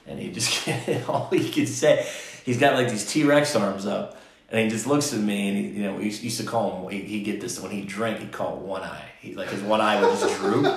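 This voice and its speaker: Low-voiced guy rambling thru a story, lots of "he's like", echoey room. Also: normal speed. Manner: rambling anecdotes full of "he's like" and restarts. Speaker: podcast host. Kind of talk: casual storytelling chat.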